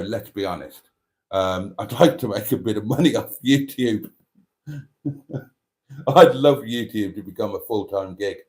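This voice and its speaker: Low-voiced man, rambling live-stream chat. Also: darkish tone. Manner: rambling, self-deprecating, candid. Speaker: YouTuber hosting a live stream. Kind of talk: casual live-stream chat reading comments.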